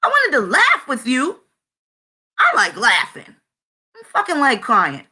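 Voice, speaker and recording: A woman hosts her own channel in a casual monologue, speaking bluntly and emphatically with frequent profanity. Her voice sits fairly high for a woman. It has a bright, forceful ring. She talks loosely and conversationally, repeating points for weight. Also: huge pitch swings, unhurried, long pauses.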